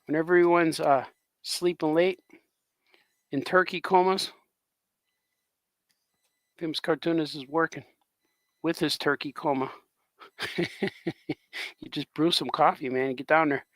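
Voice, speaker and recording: A man's voice: a little high, steady tone, unhurried, pauses often, no room sound. A man chatting in a rambling way while drawing on a live stream as a cartoonist host.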